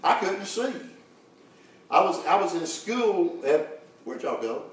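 Folksy preacher in echoey church. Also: male voice, sits high, big pitch swings, slow pace, slight background noise. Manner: folksy preaching with wide swings from hushed to loud. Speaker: pastor. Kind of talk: sermon. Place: church sanctuary. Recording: very echoey, from far off.

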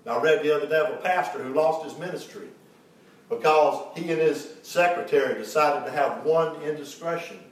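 A middle-aged pastor preaching with rising passion, his voice pitched notably high for a man. The sound is heavily echoey, picked up from a distance in a church. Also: a little hiss or hum. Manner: impassioned preaching, swelling to fervent peaks. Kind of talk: sermon. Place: church sanctuary. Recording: very echoey room, mic at a distance.

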